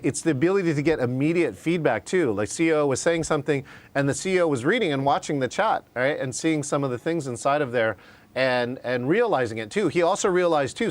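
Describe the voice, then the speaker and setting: A man teaching a live online class on virtual meetings, talking conversationally and often checking in with "right?". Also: a little high. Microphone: video call.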